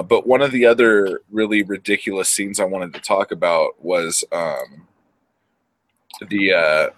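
A man's voice: deep voice, fairly bright tone. A man in casual podcast chat, recapping a film in a rambling, profane way and acting out characters in quotes. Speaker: podcast co-host.

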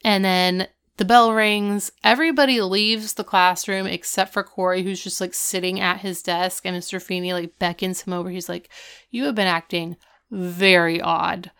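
A woman co-hosting a casual chat, retelling a TV episode in an animated storytelling way. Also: medium pitch, moderate pace, few pauses, smooth. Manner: animated storytelling, acting out quoted characters. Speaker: podcast co-host.

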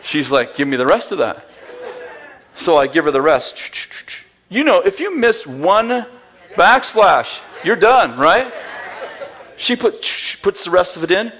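A man's voice: high-pitched, big pitch swings, slow pace, fairly bright tone. A man preaching a sermon, telling a story with acted-out dialogue and bursts of laughter. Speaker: pastor.

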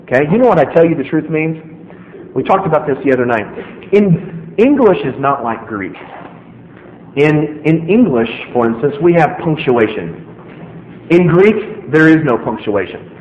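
A man preaching a sermon as a pastor, animated, acting out the quotes he retells in a casual voice. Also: on the high side, moderate pace, a little hiss or hum. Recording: echoey hall, slightly dull sound.

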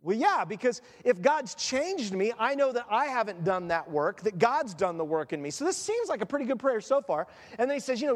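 A man preaching a sermon as pastor, animated and joking, acting out voices of the people in his stories. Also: high voice, fairly quick, hardly any pauses. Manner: animated, jokey, acts out quoted voices. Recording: long hall reverb.

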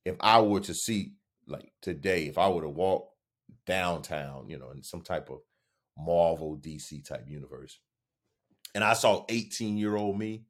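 A man in his thirties with a drawl hosts his own show, talking to listeners alone. His voice sits low and moves at an unhurried pace. He slips in self-mocking jokes, then lifts into bursts of emphatic encouragement. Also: lively intonation. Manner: musing, self-deprecating, joking asides; slow, drawn-out phrasing with sudden emphatic rises. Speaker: podcast host. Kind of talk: reflective solo monologue.

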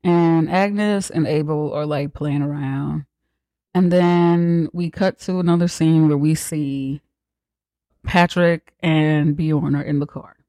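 A podcast host giving a casual, profane, joking recap of a movie, acting out characters' lines in quick asides. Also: medium pitch, fairly even intonation, warm tone, no echo.

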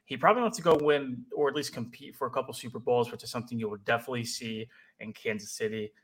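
A man co-hosting a sports podcast, talking in a relaxed, hesitant way with many fillers. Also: medium pitch, fast, poor audio. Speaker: podcast co-host. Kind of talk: casual sports chat.

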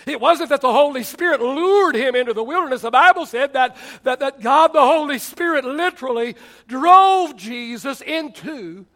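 A man's voice: very high-pitched, moderate pace. A man preaching a sermon as pastor, telling stories and acting out the people he quotes. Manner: animated storytelling preacher, acts out quotes.

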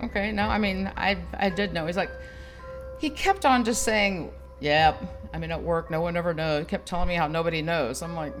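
A chatty woman co-host tells a story in a relaxed podcast conversation. Her voice sits a little low, and she laughs often as she talks. Music plays clearly behind her. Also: normal speed. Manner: chatty, animated, laughs while telling. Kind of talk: casual storytelling chat.

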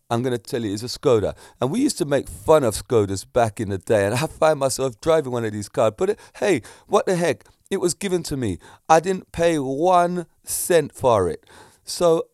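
Animated middle-aged man telling a story. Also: medium pitch, normal speed, no room sound, clean studio sound. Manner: animated, acts out voices in his stories. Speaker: kickboxing instructor. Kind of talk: casual storytelling to camera.

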